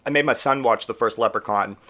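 A man's voice: medium pitch, fairly quick. A man hosting a podcast, rambling and swearing through a comic monologue, getting over a cold. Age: adult parent who grew up in the eighties. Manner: profane, rambling and animated, with mock voices for quotes. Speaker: podcast host. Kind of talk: casual comedic monologue.

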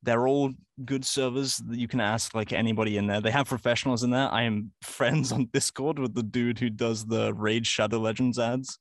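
A man's voice: medium pitch, steady tone, moderate pace, few pauses, dry recording, clean studio sound. A man with an English accent, guest on a casual podcast, rambling and joking as he talks. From England. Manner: rambling, joking, swears freely. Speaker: guest voice actor.

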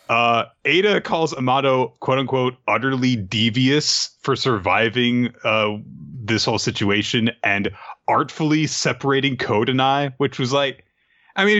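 A man recapping a comic chapter in casual chat, animated, laughing and acting out quotes in comic voices. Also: mid-range voice, lo-fi sound. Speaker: podcast co-host.

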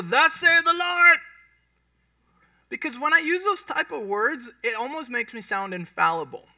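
A man's voice: high-pitched, creaky, pushed and bright, no room sound, distant mic. A man preaching a sermon in a conversational way, often checking in with his congregation. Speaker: pastor. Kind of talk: sermon teaching.

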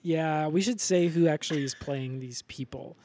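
A man co-hosting a comedy podcast, recapping a show in a deadpan, rambling way full of fillers. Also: a little high, normal speed. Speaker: podcast co-host. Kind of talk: comedic episode recap chat.

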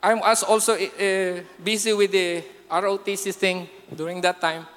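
A Filipino-accented pastor preaches with a high, bright, ringing voice. He tells his stories in an animated way, slipping into the people's voices and breaking into song. His voice carries a long reverb, as in a large hall. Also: normal speed. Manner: animated storytelling, acting out voices and singing snatches. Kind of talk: sermon.

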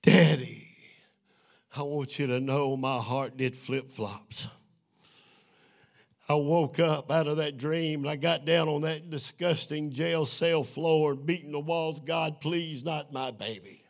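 A middle-aged man, preaching his testimony in a sermon, moving from hushed storytelling to shouting. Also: on the high side, fairly even intonation, a little slow. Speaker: evangelist.

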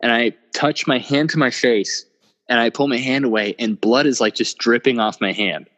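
A man's voice: mid-range voice, moderate pace, fairly bright tone, long reverb tail. A young man casually telling a long story, rambling and swearing, often laughing at himself. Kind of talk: casual podcast chat.

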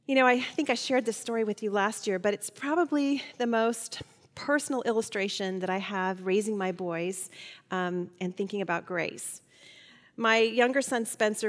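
A woman's voice: mid-range voice, big-room sound. A middle-aged woman teaching a Bible study lesson, telling personal stories in a chatty way, with fillers and restarts.

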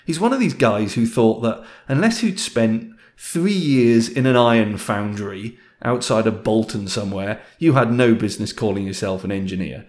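A man's voice: lowish voice, normal speed, hardly any pauses, darkish tone. A man telling a story from his working life in a casual, reflective and self-deprecating way. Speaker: speaker sharing a career story.

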